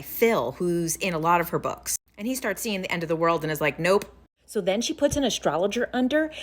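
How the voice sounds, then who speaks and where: A woman hosting a casual storytelling vlog, chatty and enthusiastic, with some swearing. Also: mid-range voice. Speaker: host.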